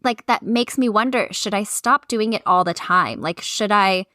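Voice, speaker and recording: Bright, tense-edged woman in her 30s, chatty podcast cohost, laughs a lot, dry close mic. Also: mid-range voice, moderate pace, no room sound. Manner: chatty, laughs often, many likes. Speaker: podcast co-host. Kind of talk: casual chat.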